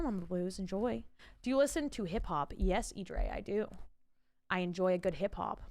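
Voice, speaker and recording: A woman's voice: a little high, a bit bright, clear, resonant tone. Chatty, swearing woman live-streaming from home. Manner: chatty, rambling and casually profane. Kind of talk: casual live-stream chat reading out viewer messages.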